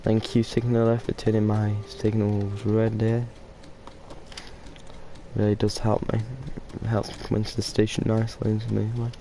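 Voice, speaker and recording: A man's voice: lowish voice, completely flat delivery, moderate pace, dark tone, slight background noise. A man giving casual, rambling commentary while playing a game, drowsy and yawning now and then. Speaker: gameplay streamer.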